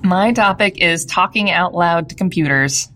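Low-voiced female co-host with a slight lisp, chatty and questioning. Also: normal speed, bright, forceful tone, a little hiss or hum. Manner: chatty, questioning, laughs often. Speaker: podcast co-host. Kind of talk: casual chat.

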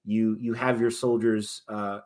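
A man's voice: lowish voice, flat delivery, a little slow, darkish tone. A man, a military veteran, talking casually as a podcast guest, often restarting his sentences and swinging between emphatic and trailing-off delivery.

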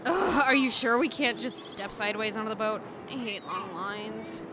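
A woman's voice: on the high side, normal speed, music in the background, natural voice. A woman playing a sullen, sarcastic character who grumbles and snaps back.

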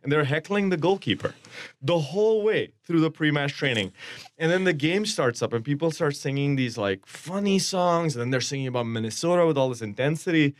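A man in his twenties or thirties with a non-American accent, telling lively anecdotes as a podcast guest and acting out quoted lines. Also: fairly high pitch, fairly quick. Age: 20s to 30s. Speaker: supporters group member, guest. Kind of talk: casual storytelling chat.

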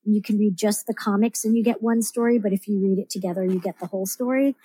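A woman guest on a podcast talks in a loose, rambling way, full of ums and restarts as she works through her thoughts. Her mid-pitched voice is recorded very dry, with no room sound around it. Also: steady tone, fast, dark tone, breathy edge, no room sound. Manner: rambling, many fillers and restarts. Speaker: comics writer, podcast guest. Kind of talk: casual interview chat.

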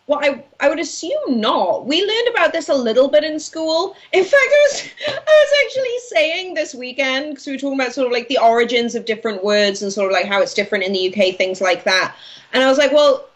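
A woman in her late twenties from Wales, a guest writer chatting casually and brightly in an interview, quick to laugh. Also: on the high side, animated. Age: 20s. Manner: bubbly, chatty, laughs easily. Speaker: news and commentary writer, guest.

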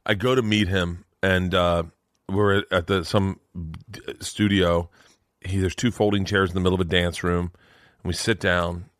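Low-voiced man telling a story. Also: moderate pace, no echo, studio quality. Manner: animated storyteller, acts out quotes in raised voices. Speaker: guest comedian. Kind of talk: casual storytelling chat.

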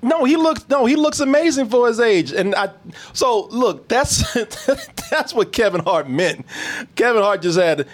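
A man hosting a casual reaction chat in a high, lively voice that swoops up and down. He laughs often and swears freely as he talks it through. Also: unhurried, a little hiss or hum. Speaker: podcast host.

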